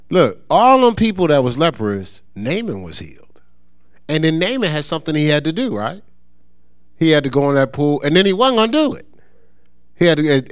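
A middle-aged man preaching an informal sermon, reading scripture and talking it through in a loose, conversational, animated way. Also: on the high side, no room sound, clean studio sound. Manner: conversational, animated, with many restarts and sports anecdotes.

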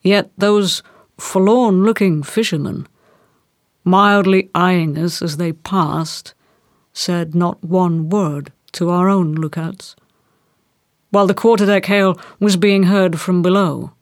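A woman reading a classic novel aloud in a measured, deliberate way. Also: on the low side, fairly even intonation, no echo, clean studio sound. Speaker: audiobook reader. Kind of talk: literary reading.

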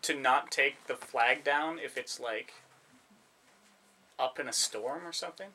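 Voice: mid-range voice, unhurried, pushed and bright. A podcast co-host chatting casually among friends, riffing on absurd jokes. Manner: joking, riffs on absurd scenarios.

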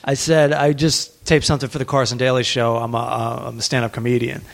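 A man's voice: medium pitch, level tone, fairly quick, vocal fry. A man hosting a podcast and telling a long story in a loose, rambling way. He is a stand-up comedian, laughs often, and fills his talk with "like". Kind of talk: casual storytelling chat.

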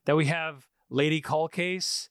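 A man's voice: fairly high pitch, steady tone, measured pace, a bit bright, clear, resonant tone, no echo, studio quality. A man co-hosting a movie podcast, playful and joking in casual chat. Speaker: podcast host.

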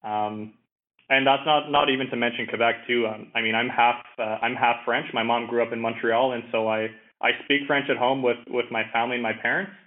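A man from Ottawa, Canada, who works in energy, speaks as a podcast guest in a casual interview, his mid-range voice level and brisk. He talks easily, sprinkling in plenty of fillers and repeated words. The line sounds tinny, like a phone.

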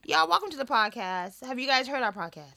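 A woman co-hosting a podcast in casual chat, animated and teasing, laughing often. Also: high-pitched, fairly quick, vocal fry, noisy background. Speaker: podcast co-host.

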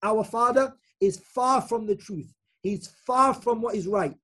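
A man's voice: high voice, unhurried, fairly bright tone. A man as an Islamic teacher giving a Quran commentary lecture. He explains step by step, repeats key phrases for emphasis and keeps checking in with the listeners with "okay?".

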